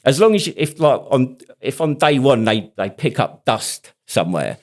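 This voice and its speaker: A man's voice: medium pitch, very animated, moderate pace. Chatty man in his forties. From United Kingdom. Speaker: podcast host, army veteran. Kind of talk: casual chat.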